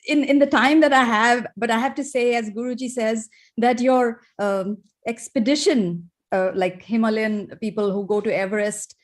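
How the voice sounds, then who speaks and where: A woman sharing a personal spiritual testimony, emotional and close to tears, telling stories with feeling. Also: on the high side. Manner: emotional, tearful, warm storytelling.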